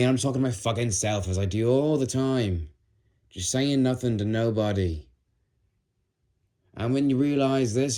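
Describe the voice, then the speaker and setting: Man, slightly low voice, solo phone vlog, restless and self-mocking, swears a lot. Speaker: vlogger. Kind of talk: rambling solo monologue.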